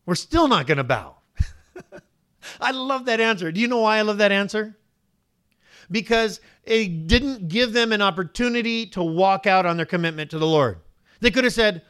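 A man's voice: a little high, a little fast, a bit bright. Man preaching in a rising, questioning voice. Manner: preaching with many rhetorical questions. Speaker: pastor. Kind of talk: sermon.

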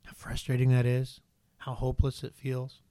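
A man's voice: medium pitch, monotone, normal speed, dark tone, clean tone, no echo. A male pastor preaching a sermon in a conversational way, often turning to the congregation with rhetorical questions.

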